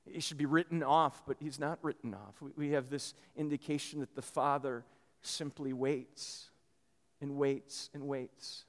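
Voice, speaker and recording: A man preaching a sermon in a church, telling a story in a lively way with many restarts. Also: medium pitch, unhurried, in a large hall. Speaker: pastor.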